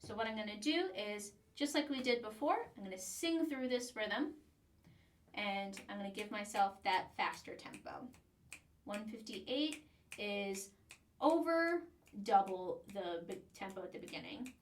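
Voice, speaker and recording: In this trombone lesson, a woman walks through an excerpt step by step, now and then voicing the rhythms on syllables. Her medium-pitched voice is expressive and a little slow, captured from a distance in an echoey room, slightly off mic, with a faint hiss or hum.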